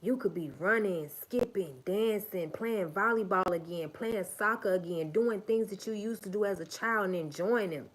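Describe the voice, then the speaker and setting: A woman's voice: mid-range voice, normal speed, hardly any pauses. A woman hosting a livestream, giving an emphatic, profane and repetitive motivational talk. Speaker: livestream host.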